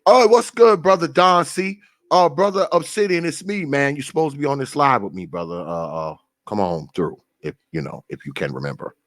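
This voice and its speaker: Guy running a livestream, shouting out chat, cussing and laughing, real animated, dry mic. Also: mid-range voice, brisk, no echo. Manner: profane, laughing, shouting out viewers by name. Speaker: livestream host.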